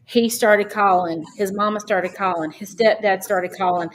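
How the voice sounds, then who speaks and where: A woman's voice: medium pitch, fairly even intonation, moderate pace, low-quality recording. A woman, a podcast guest earnestly recounting a personal story and quoting others at length. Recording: faint background noise.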